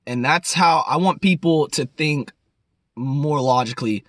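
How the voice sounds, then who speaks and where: A young man in his twenties ranting casually to camera, profane and rambling, swinging between loud outbursts and low mutters. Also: unhurried, dry recording, studio quality. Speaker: vlogger.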